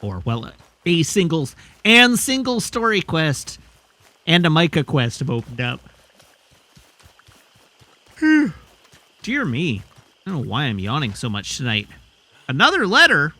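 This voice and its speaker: A man streamer giving casual commentary on a game, dropping wry, self-amused asides as he plays. His voice sits a bit high and bounces around a lot. It has a bright, forceful tone. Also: wildly swooping pitch, unhurried, pauses often. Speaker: let's play streamer.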